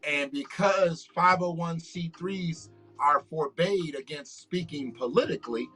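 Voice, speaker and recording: A man's voice: fairly high pitch, unhurried, bright, forceful tone, faint music behind. A man, hosting a livestream with blunt, profane, preachy commentary. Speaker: livestream host. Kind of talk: casual political commentary livestream.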